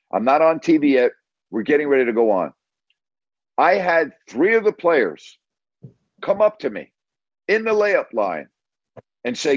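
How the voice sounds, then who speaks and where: A man's voice: medium pitch, no room sound, highs cut off. A man who works as a sports radio broadcaster, telling a story as an interview guest and acting out the dialogue of the scenes he recounts. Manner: retells scenes with quoted dialogue. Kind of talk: anecdotal storytelling.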